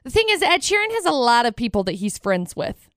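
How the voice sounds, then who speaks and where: A woman's voice: a little high, big pitch swings, brisk, fairly bright tone, no room sound. A woman co-hosting a morning radio show, bantering in a dry, teasing way with short replies from a radio studio.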